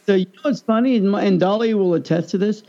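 Casting: high-pitched gravelly man, mellow tone, animated storyteller, dull lo-fi sound. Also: quick pace. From United States. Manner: animated storyteller, acts out quoted voices. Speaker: guest telling stories. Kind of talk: casual storytelling chat.

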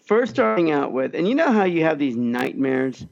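A man co-hosting a podcast, telling a story in an animated, excitable way. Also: on the high side, normal speed, vocal fry, muffled recording. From California. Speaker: podcast co-host. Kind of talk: casual storytelling chat.

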